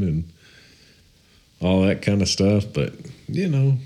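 A man co-hosting a casual podcast, talking in a relaxed, drawling way. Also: low-pitched, a little slow, pauses often. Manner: relaxed, drawling, laughs easily. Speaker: podcast co-host.

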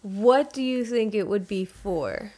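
A woman co-hosting a casual chat, dry and teasing with quick comebacks. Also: medium pitch, lively intonation, warm tone. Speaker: podcast co-host.

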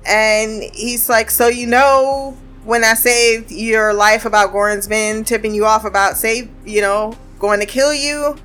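A woman's voice: fairly high pitch, animated, slow, fairly bright tone, faint music behind. A woman casually recapping a TV episode, chatting and laughing often as she acts out lines from the scenes.

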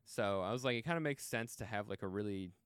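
A man co-hosting a podcast in casual chat, animated, laughing often and quoting his own reactions. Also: on the low side, fast talker, smooth, no room sound, studio quality. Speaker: podcast co-host.

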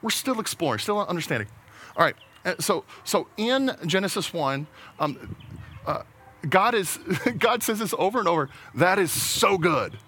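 A man's voice: high voice, sing-song, normal speed, a bit bright. A man preaching a sermon in a casual, conversational way, often restarting his words and laughing at his own jokes. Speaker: pastor.

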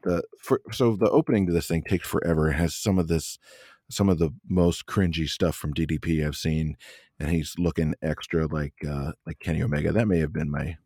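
A man's voice: very deep voice, steady tone, brisk, warm tone, dry recording, clean studio sound. A man co-hosting a casual wrestling review podcast, rambling with lots of fillers and restarts. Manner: rambling, many fillers and restarts, laughs often. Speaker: podcast co-host.

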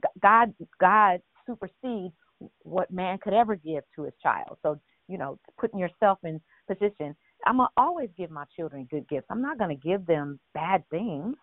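A woman's voice: lowish voice, expressive, normal speed, no room sound. Earnest woman preaching over a phone line. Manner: earnest, direct, with frequent restarts and rhetorical questions. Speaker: minister leading a prayer call. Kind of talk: conversational sermon on a call. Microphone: phone or conference call.

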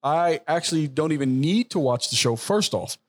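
Argumentative man reasoning out loud. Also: a little high, expressive, moderate pace. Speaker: podcast co-host. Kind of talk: casual chat.

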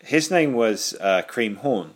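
A man co-hosting a podcast, chatting casually in a deadpan, joking way. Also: mid-range voice, takes it slowly. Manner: deadpan, joking, absurd banter. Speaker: podcast co-host. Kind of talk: casual chat.

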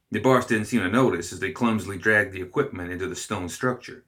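A man narrates a story in measured, expressive reading. His voice is low and bright-edged, and it cuts cleanly through the telling. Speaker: reader.

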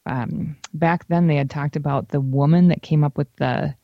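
A woman's voice: low voice, fairly even intonation, normal speed, dry recording. A woman co-hosting a casual podcast, rambling with many restarts as she chats. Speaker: podcast co-host. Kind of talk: casual chat. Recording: dull lo-fi sound.

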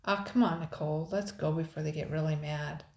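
A woman's voice: deep voice, fairly even intonation, brisk, vocal fry, a little mellow, highs cut off. A woman reading a storybook aloud, voicing a sensible young boy who urges the others along. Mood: pleading. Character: earnest, sensible young boy, leader of the kids. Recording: roomy echo.

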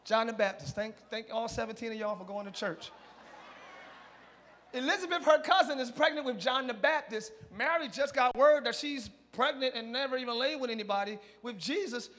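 A man pastor preaching a lively storytelling sermon in church, moving between hushed talk and shouts. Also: very high voice, moderate pace. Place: church sanctuary, live service. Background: soft band music.

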